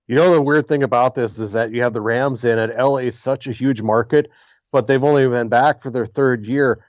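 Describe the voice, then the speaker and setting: A man co-hosting a sports podcast, relaxed and joking as he gives his takes. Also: medium pitch, fairly quick, no echo. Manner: laid-back, joking. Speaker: podcast co-host. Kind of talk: casual sports chat. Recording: slightly dull, lo-fi mic.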